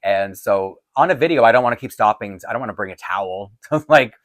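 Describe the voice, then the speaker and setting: Man, low voice, rambling casual talk, frequent laughs, tired voice, dry room. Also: animated, quick pace, dry recording. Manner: chatty, rambling, laughs often, frequent restarts. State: voice getting tired. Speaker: doll collecting channel host. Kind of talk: casual Q&A chat to camera. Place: home filming set-up.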